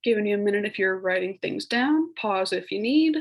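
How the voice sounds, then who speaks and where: Husky-voiced casual young woman teacher. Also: mid-range voice, lively intonation, a little fast, rough recording. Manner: casual, chatty, many "like" fillers; puts on playful voices for old phrases. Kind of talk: recorded classroom lecture.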